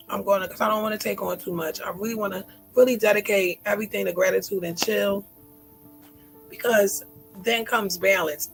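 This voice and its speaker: A woman's voice: medium pitch, creaky, fairly bright tone, rough recording. A woman in her forties hosting a candid personal vlog. She talks in an emotional, heartfelt way, with laughing asides. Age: 40s. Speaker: host.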